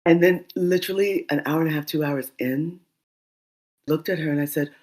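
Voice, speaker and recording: A woman guest telling a story in a casual interview, lively, laughing and acting out the dialogue. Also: deep voice, normal speed. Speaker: doula and guest.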